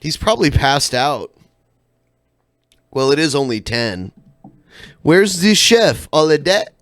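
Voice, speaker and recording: A man's voice: fairly high pitch, sing-song, takes it slowly, a bit bright, dry recording, studio quality. A man hosting a podcast, reacting with amused disbelief and relaying what viewers say. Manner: reacting with amused disbelief, reading chat comments. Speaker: podcast host. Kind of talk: casual chat.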